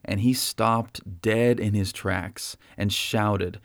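A man's voice: on the low side, steady tone, slow, creaky, dry recording, clean studio sound. A man preaching a sermon as a pastor, in a conversational way that keeps checking in with listeners. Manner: conversational preaching, frequent "right?".

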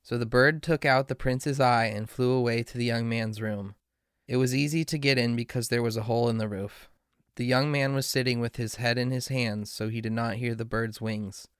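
A man reading a fairy tale aloud in a slow, measured way. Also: mid-range voice, steady tone, smooth, no room sound, clean studio sound. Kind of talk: storybook reading.

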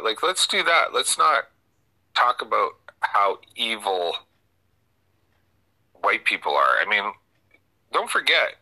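Casting: male talk radio host, lowish voice, very bright tone, halting and opinionated. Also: low-quality recording. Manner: halting, many restarts and fillers.

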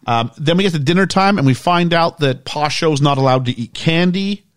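A man's voice: fairly high pitch, normal speed, no room sound, studio quality. A man co-hosting a casual film-discussion podcast, joking and acting out lines from the movie. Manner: animated, jokey, acts out lines. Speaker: podcast co-host.

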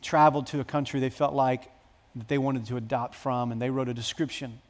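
A man preaching a sermon to his church, telling a story with dramatic swings between hushed and loud. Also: mid-range voice, little pitch movement, a little fast. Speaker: pastor.

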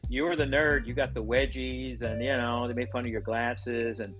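A man's voice: medium pitch, flat delivery, normal speed, a bit bright, faint music behind, poor audio. A man hosting a podcast, chatting casually and telling jokey stories. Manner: jokey, storytelling. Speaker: podcast host. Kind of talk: casual chat.

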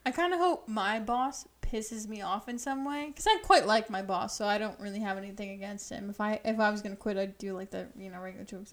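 Female co-host, mid-pitched voice, teasing and wry in casual chat. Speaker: podcast co-host.

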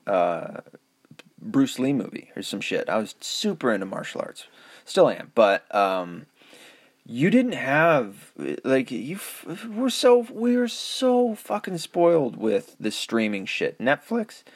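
A man's voice: medium pitch, no room sound, studio quality. A middle-aged man hosting a podcast, rambling through a casual solo monologue with lots of swearing, chuckles and self-mocking asides. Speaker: podcast host.

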